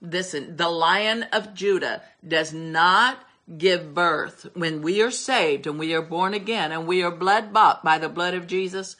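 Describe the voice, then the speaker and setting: A woman's voice: fairly low pitch, unhurried, hardly any pauses, sharp tone. An older woman preaching a sermon, emphatic and repetitive as she drives her points home. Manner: emphatic, repeats words for stress.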